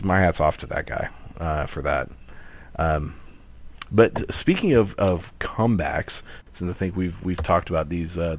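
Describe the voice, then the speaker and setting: A man co-hosting a wrestling podcast, talking casually and rambling with lots of restarts. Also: sits low. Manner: rambling, animated, many restarts. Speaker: podcast co-host. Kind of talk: casual chat.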